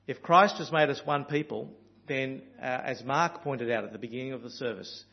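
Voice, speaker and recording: A man's voice: medium pitch, a little fast, vocal fry, lo-fi sound. A man from Australia with an Australian accent, preaching a sermon in an earnest, storytelling way with frequent ums and uhs.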